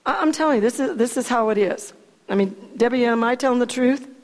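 A high-voiced woman tells a personal story to a crowd. She is chatty and laughs a lot, stumbling over and restarting her sentences. Her voice rings out with a long reverb, as if in a large hall. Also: quick pace, darkish tone. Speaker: speaker telling a testimony.

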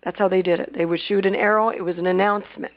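A woman preaching a sermon, retelling Bible scenes and acting out their lines, swinging between loud bursts and hushed asides. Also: mid-range voice, fairly even intonation, fast. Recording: dull lo-fi recording.

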